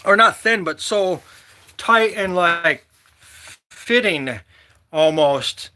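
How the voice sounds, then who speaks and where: A man from Michigan vlogging casually, rambling and joking with loud whoops. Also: sits high, expressive, slow pace, background noise. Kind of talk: casual outdoor vlog chat.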